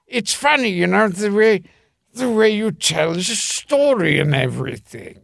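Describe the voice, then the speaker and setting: A man's voice: high-pitched, lively intonation, a little slow, gravelly, a bit bright, dry recording, studio quality, exaggerated voice. A man playing a nervous young gangster who stammers and hesitates, repeating his words.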